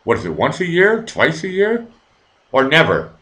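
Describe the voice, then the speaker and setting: A man's voice: on the high side, wildly swooping pitch, moderate pace, a bit bright. A man hosting a casual live-stream interview, hesitant and full of fillers, swearing casually. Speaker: host.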